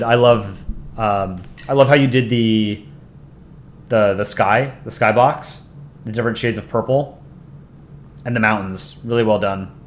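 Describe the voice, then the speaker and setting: Rambling man in an echoey room. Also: medium pitch. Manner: rambling, frequent ums and likes. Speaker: streamer reviewing fan art. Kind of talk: casual live stream chat. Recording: echoey room with background noise.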